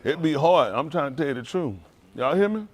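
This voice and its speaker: A man's voice: animated, fairly quick. Laughing preacher man. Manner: loud, laughing, playful banter with the congregation; drops to a low, quiet earnest tone for counsel. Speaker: pastor. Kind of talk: joking sermon talk to a congregation.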